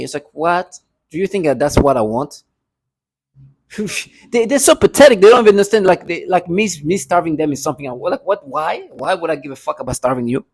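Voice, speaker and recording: Gravelly, agitated man ranting. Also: on the high side, animated, fairly quick, a little mellow, no echo. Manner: agitated, repetitive ranting with bitter laughs. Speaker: vlogger. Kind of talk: angry monologue to camera. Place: apartment.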